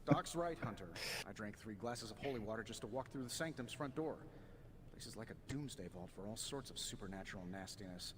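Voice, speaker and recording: An actor playing a wisecracking middle-aged inventor who talks in offhand slang. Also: male voice, lowish voice, animated, brisk, long reverb tail, noisy background, close to an everyday voice. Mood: teasing.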